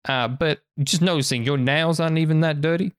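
A man's voice: on the high side, fairly even intonation, a little fast, smooth, no echo, studio quality, voice pushed up, lightly acted. A man voicing an eager male clothing merchant with pushy sales patter. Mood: flattering.

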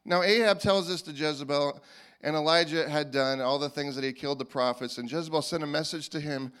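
A male pastor preaching a sermon in a casual, animated way, often restarting his sentences. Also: a little high, fairly quick, clear, resonant tone. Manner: animated and informal, with frequent restarts. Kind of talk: conversational sermon.

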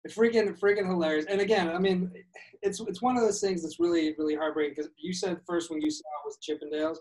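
A man's voice: on the high side, fairly even intonation, quick pace, a little mellow, rough recording. A man co-hosting a casual chat, talking at length and reflecting on his points.

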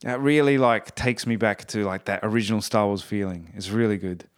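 A man's voice: fairly low pitch, fairly quick, smooth. A man and musician giving a casual, enthusiastic spoken review, rambling with fillers and restarts.

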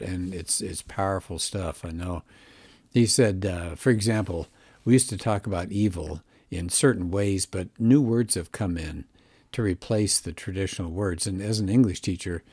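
A man's voice: low voice, darkish tone, breathy edge, dry recording. A man hosting a book review show, talking through a book in an earnest, reflective, conversational way. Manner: earnest and reflective, musing aloud.

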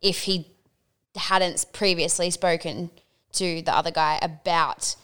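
A woman's voice: fairly low pitch, steady tone, a little slow, fairly bright tone, clear, resonant tone. A woman co-hosting a podcast, dropping wry quips and laughing in casual chat. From Australia. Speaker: podcast co-host.

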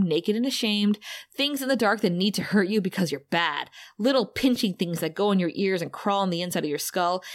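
A woman voicing a cruel, sultry female hell-god who taunts in a soft, quietly menacing voice. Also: medium pitch, close to an everyday voice.

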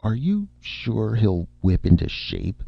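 A man's voice: lowish voice, sing-song, takes it slowly, creaky, husky, no echo, voice pushed up, heavily acted. A man voicing a cold, decisive male studio executive who speaks firmly, in a dry, slightly muffled recording. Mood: cool.

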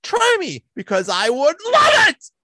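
A man's voice: very high-pitched, huge pitch swings, dry recording, clean studio sound, pitched above the performer's own voice, heavily acted. George Costanza, a furious scolding man. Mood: enraged. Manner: yelling, threatening, rapid-fire. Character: furious middle-aged man scolding rowdy teens.

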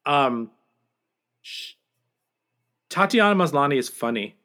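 A man co-hosting a podcast in casual chat, measured and critical in his opinions. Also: a little high, expressive, sharp tone. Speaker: podcast co-host.

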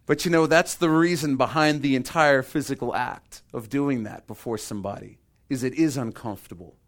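Earnest man preaching a sermon. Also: mid-range voice. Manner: earnest, emphatic, slows words down for stress; acts out quoted voices with humor.

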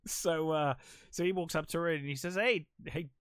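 A man's voice: fairly high pitch, steady tone, brisk, clear, resonant tone, no room sound, clean studio sound. A young man co-hosting a casual film review podcast. He retells the plot with enthusiasm and lots of "um"s. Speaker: podcast co-host.

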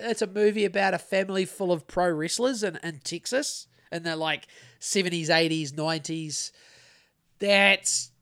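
A man's voice: high voice, creaky, a bit bright. A middle-aged man, hosting a podcast and telling rambling, sweary stories in a laid-back way. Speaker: podcast host. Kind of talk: casual chat.

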